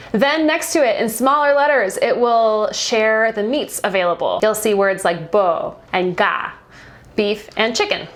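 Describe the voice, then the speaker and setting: A young American woman giving a casual travel guide as a vlogger, chatty and upbeat, laughing between points. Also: medium pitch. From United States.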